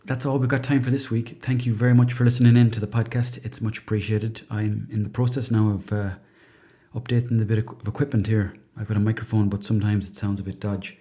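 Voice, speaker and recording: A man's voice: fairly low pitch, little pitch movement, quick pace, mellow. A man with an Irish accent hosting a comedy podcast in a rambling, chatty, self-mocking monologue. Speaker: podcast host.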